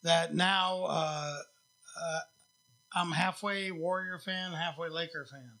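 A man hosts a casual podcast chat, rambling and swearing freely as he gives blunt opinions. His voice is high and bright, with a sharp edge. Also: steady tone, takes it slowly, gravelly. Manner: blunt, profane, rambling with fillers. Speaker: podcast host.

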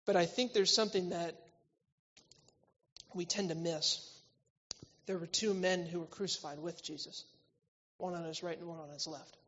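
A man preaching a church sermon, swinging between loud, emphatic lines and quiet, intimate ones. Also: fairly high pitch, steady tone, normal speed, long pauses. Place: church hall. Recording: reverberant hall, slightly dull sound.

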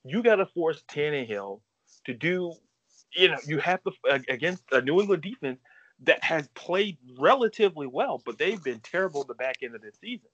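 A man hosting a sports talk show, emphatic and quick with statistics. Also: a little high, lively intonation, fairly bright tone, no echo, highs cut off. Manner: emphatic, rapid-fire stats.

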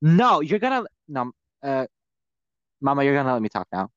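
A man's voice: mid-range voice, big pitch swings, normal speed, no echo, lo-fi sound. A man co-hosting a casual commentary chat, ranting with lots of profanity and rising anger.

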